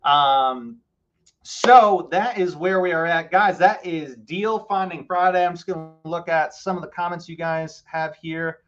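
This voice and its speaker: A man hosting a live real estate show, talking a seller through a deal and then coaching viewers in an energetic, explanatory way. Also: fairly high pitch, measured pace, dull audio. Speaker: real estate investor host. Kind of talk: live stream phone call and coaching.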